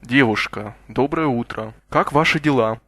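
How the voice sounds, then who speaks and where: A man speaking slow, carefully enunciated model phrases for learners to repeat. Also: mid-range voice, a bit bright, no room sound, studio quality. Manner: clear careful enunciation for repetition.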